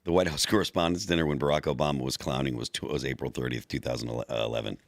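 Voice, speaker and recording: A man on a casual political panel, jumping in with lively, laughing remarks. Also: very deep voice, fast, no room sound.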